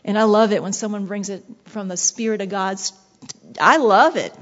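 A woman preaching a devotional sermon, passionate, dropping to soft whispers and rising to intense bursts. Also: medium pitch, moderate pace. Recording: dull lo-fi recording.

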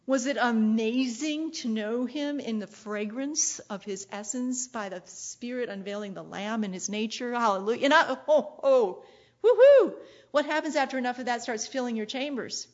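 Woman preacher, fairly high-voiced, lively sermon delivery, muffled lo-fi sound. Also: moderate pace. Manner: playful and animated, often laughing and acting out quoted lines.

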